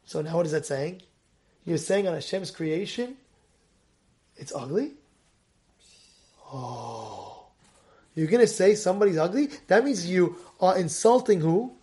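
A man gives a Torah lesson as a lively story. His voice sits high. He puts on the voices of the people in the tale and moves from near-shouts to quiet asides. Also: a little slow, pauses often. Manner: animated, acts out the story's voices, swings from loud to hushed. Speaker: rabbi.

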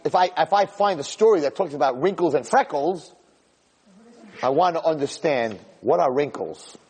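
Male lecturer, husky voice, animated and emotional storyteller. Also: on the high side, moderate pace. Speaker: Torah lecturer. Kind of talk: storytelling talk to an audience.

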